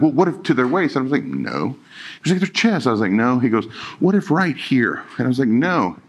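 A man's voice: lowish voice, a bit bright. A middle-aged male pastor giving a conversational sermon, joking and acting out quoted dialogue.

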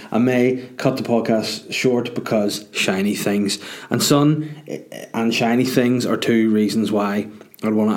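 Rambling Northern Irish podcast host. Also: male voice, fairly low pitch. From Northern Ireland. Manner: rambling, self-mocking, sweary humor. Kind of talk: solo casual podcast monologue. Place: dining room at home.

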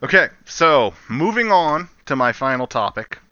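Easygoing, joking podcast co-host with a lively voice, recorded on a dull lo-fi mic. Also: male voice, medium pitch, unhurried, no echo. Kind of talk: casual chat.

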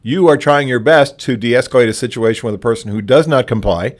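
A man giving a conversational training talk on calming difficult patrons, plainspoken, often restarting phrases and acting out sample dialogue. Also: mid-range voice, a little fast.

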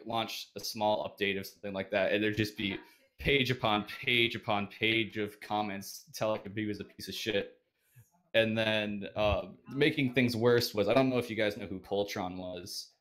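A man with a lowish voice telling a story as a podcast guest. He rambles, hesitates and pads his talk with fillers in a loose, casual way. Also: a bit bright.

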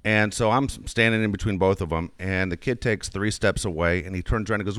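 A man's voice: fairly low pitch, fairly quick, fairly bright tone, clear, resonant tone, no echo. A middle-aged man telling a long coaching story in casual chat, rambling with many restarts. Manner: rambling anecdotes with frequent restarts. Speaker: youth baseball coach.

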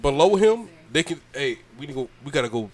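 A man hosting a casual chat, telling a story in an animated, profane way and laughing often. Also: a little high, fast.

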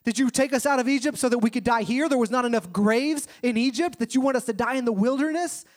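A man preaching acts out frightened Israelites crying out to God and Moses in a pleading, accusing tone. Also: fast talker. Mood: panicked. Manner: pleading, accusing, high and strained. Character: panicked Israelites crying out in fear.

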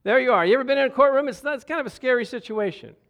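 A man's voice: very high-pitched, rapid-fire, fairly bright tone. A middle-aged man preaching a sermon, telling stories with stammered repeats and bursts of laughter. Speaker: pastor. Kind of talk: sermon with storytelling.

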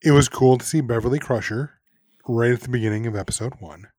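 A man co-hosting a casual podcast, speaking at an ordinary middle pitch. He is sarcastic and laughs and swears freely as he critiques. The sound is dry and close. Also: fast talker, a little mellow, no room sound. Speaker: podcast co-host.

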